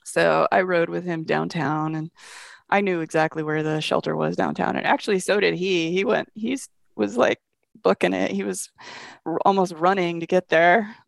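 A woman telling stories in casual conversation, animated and acting out what people said. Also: fairly low pitch, normal speed, gravelly, no echo, studio quality. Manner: animated storyteller, acts out quotes. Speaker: guest, shelter project manager.

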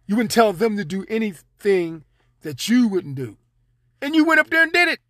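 A man's voice: sits high, big pitch swings, normal speed, pushed and bright, no echo, studio quality. A man hosting his own podcast, rambling and joking in loose slang straight to his listeners. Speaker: podcast host. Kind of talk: casual solo monologue.

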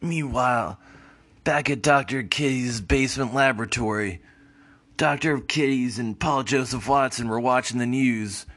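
A hoarse man hosting a podcast, telling a crude comic story in a laid-back, profane way. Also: mid-range voice, measured pace, fairly bright tone. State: hoarse from illness. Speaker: podcast host. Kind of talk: comedic storytelling.

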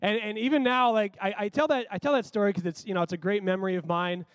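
Man with a high voice, close and dry, for a chatty, animated sermon story. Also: fast, clean tone, no room sound. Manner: animated, conversational, frequent "like".

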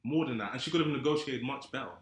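A man's voice: medium pitch, racing. A young man, chatting casually and confidently with friends, giving strong opinions. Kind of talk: casual group chat. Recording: roomy echo.

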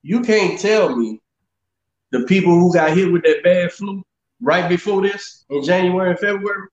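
A man with a fairly high voice chats on a podcast in a profane, laid-back way, calling everyone bro and man. The sound is roomy and echoey. It is also dull and lo-fi. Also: moderate pace. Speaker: podcast co-host. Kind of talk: casual chat.

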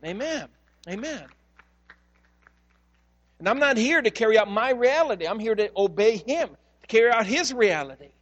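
A man's voice: high voice, lively intonation, normal speed, pauses often, a bit bright, dull audio. A male pastor preaching a sermon in a church, speaking earnestly and putting questions straight to the congregation.

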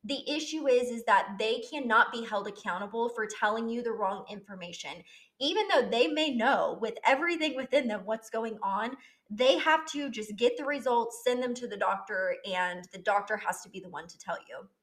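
A woman's voice: fairly high pitch, animated, moderate pace, fairly bright tone. A young woman telling a personal story on her vlog, candid and emotional, swearing freely. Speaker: vlogger.

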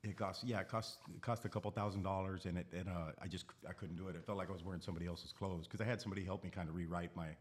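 A man's voice: deep voice, steady tone, racing, hardly any pauses. A man telling stories as a guest on a casual podcast, rambling and repeating words, blunt and profane, often laughing as he talks. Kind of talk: casual podcast chat, storytelling.

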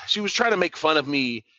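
Podcast co-host, man, relaxed slangy chatter, bright tone, dry close sound. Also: a little high, normal speed, no echo, dull audio. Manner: laid-back, slangy, many "you feel me" asides. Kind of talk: casual chat.

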